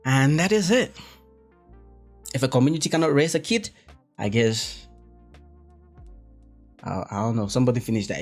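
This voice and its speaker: A man from Africa, hosting a podcast in a rambling, profane, animated monologue full of restarts. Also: medium pitch, moderate pace, pauses often, soft background music. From West Africa. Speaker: podcast host. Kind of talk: casual monologue.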